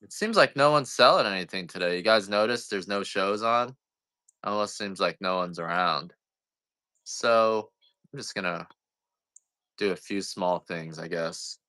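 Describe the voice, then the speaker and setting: A man with a low voice and a forceful, bright edge rambles through a casual livestream as he sells coffee. He jokes at his own expense and drifts from thought to thought. The sound is dry and close, with no room around it. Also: unhurried, no room sound. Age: adult parent. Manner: rambling, self-deprecating, joking.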